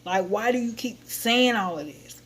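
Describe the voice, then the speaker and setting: A woman hosting her own livestream, chatting casually and telling a rambling, animated story to her viewers. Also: fairly high pitch, normal speed, breathy edge. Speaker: livestream host.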